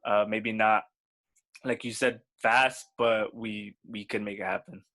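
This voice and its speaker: A man's voice: on the low side, little pitch movement, measured pace, bright, forceful tone. Laid-back young man co-hosting a podcast. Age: 20s. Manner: laid-back, hesitant, repeats words. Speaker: podcast co-host. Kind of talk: casual podcast chat.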